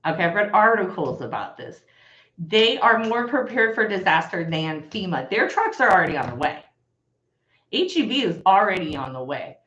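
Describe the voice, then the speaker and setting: A woman's voice: medium pitch, very animated, moderate pace, a bit bright. Fired-up woman ranting on a livestream. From Texas. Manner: fired-up, blunt, swears and addresses viewers as y'all. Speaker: livestream host. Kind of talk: heated livestream rant. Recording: echoey room, slightly dull sound.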